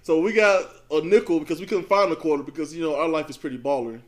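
A man's voice: fairly high pitch, fast. A man hosting a casual podcast, easygoing and joking with his co-host.

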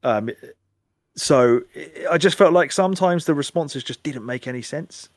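A man's voice: fairly high pitch, animated, a little slow, no echo, studio quality. A man chatting animatedly on a casual gaming podcast, rambling and swearing now and then. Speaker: podcast co-host.

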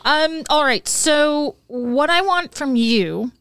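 A woman's voice: high voice, expressive, slow, a bit bright, dry recording. A woman co-hosting a podcast in casual chat, steering the conversation and often restarting her sentences. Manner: chatty, restarts sentences while steering the talk. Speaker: podcast co-host.

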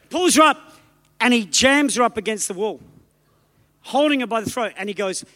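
A man with an Australian accent preaching a revival sermon in church, telling stories fast and rising to shouted calls, with soft music behind. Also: very high-pitched, expressive. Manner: fervent, rapid storytelling building to shouted calls. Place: church meeting.

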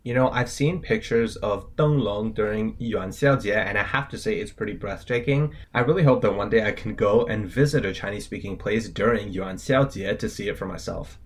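A man's voice: fairly low pitch, normal speed, hardly any pauses. A man co-hosting a scripted language lesson, spelling out words letter by letter with their tones in a casual, upbeat way.

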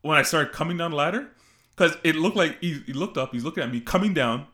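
A man's voice: fairly high pitch, fast. Rambling young man telling a story. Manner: rambling, animated storyteller with restarts. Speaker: podcast co-host. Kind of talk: casual storytelling chat.

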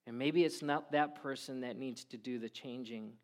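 A man preaching a sermon, earnestly quoting prayers and scripture, often dropping suddenly soft. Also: mid-range voice, moderate pace, hardly any pauses. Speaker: pastor.

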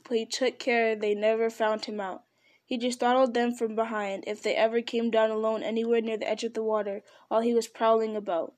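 A woman reading a fantasy storybook aloud, unhurried, with small slips and restarts. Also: a little high, a little mellow. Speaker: reader.

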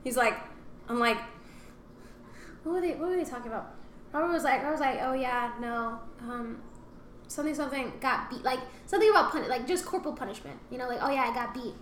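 A woman's voice: high voice, fast talker. A young woman telling stories in casual podcast chat, acting out other voices and dropping into whispered asides. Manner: animated storytelling, acts out voices, drops to whispers. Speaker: podcast co-host. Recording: echoey room with faint ambient noise.

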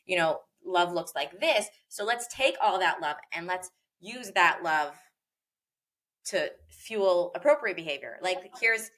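Woman, bright clear voice, earnest, reflective, casual podcast chat, lots of "like" and "you know". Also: lowish voice, animated, measured pace. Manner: earnest and reflective, with many fillers and repeated phrases. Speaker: parenting educator in a podcast conversation. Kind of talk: casual conversational podcast talk.

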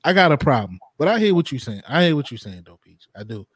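A man's voice: mid-range voice, big pitch swings, fast, slightly rough. A man co-hosting a casual podcast, talking emphatically in slang and acting out quotes. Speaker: podcast co-host.

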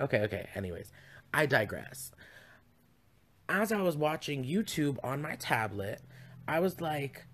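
A young man chats on his home podcast in a campy, gossipy way, wandering off into tangent after tangent. His voice sits at an ordinary middle pitch and he keeps it loose and conversational. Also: sing-song, measured pace, long pauses, a bit bright. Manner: chatty, campy, rambling asides. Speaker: podcast host. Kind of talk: casual chat. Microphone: podcast mic.

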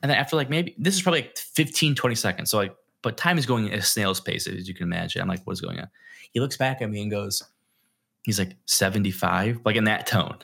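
A young man with a gravelly, husky, fairly low voice talks fast as he co-hosts a podcast. He tells an animated story in casual chat, acting out the quotes.

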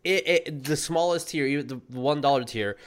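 A man's voice: a little high, moderate pace, a little hiss or hum. A man co-hosting a tabletop game stream, making announcements in a rambling, joking way and swearing casually. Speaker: player and co-host.

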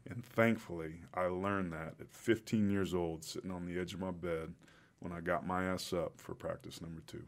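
Middle-aged man, low voice, earnest and reflective guest storyteller. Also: steady tone, normal speed, creaky. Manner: reflective, earnest, emotional at times. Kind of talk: emotional personal storytelling.

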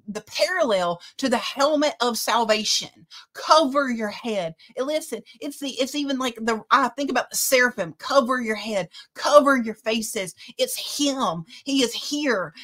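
A woman's voice: on the high side, a bit bright. A woman preaching a sermon, reading scripture aloud and speaking with passionate emphasis.

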